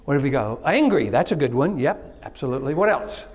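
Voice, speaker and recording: On a conference stage, a Kilgore, Texas native gives a keynote that draws the audience in with jokes and questions. He speaks briskly at a medium pitch, with big swings in pitch.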